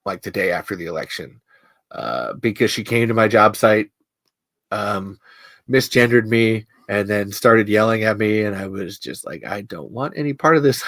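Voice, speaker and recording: A trans podcast host chatting casually on a livestream and reading comments, speaking in a halting, personal and emotional way. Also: sits low, fairly bright tone, no room sound.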